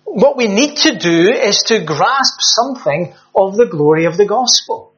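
A man's voice: sits high, animated, measured pace, a bit bright. A man preaching a sermon in an earnest, emphatic way, often restarting his words. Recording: slightly dull lo-fi sound.

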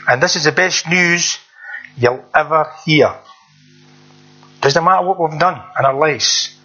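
Brief: earnest male preacher, high and bright voice, plain repetitive delivery, dull lo-fi recording. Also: unhurried. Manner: earnest, repetitive, conversational preaching with rhetorical questions. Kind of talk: sermon.

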